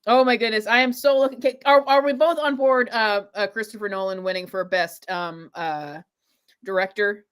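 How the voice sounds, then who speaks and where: A woman hosting a live watch-party stream, chatting casually and gushing with excitable giggles. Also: mid-range voice, moderate pace, clear, resonant tone. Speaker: livestream host.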